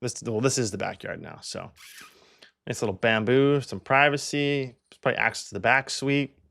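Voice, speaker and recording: A man's voice: mid-range voice, normal speed, gravelly, a bit bright. A young man from Canada, a real estate agent, chatting casually as he walks through home listings and thinks aloud with plenty of fillers.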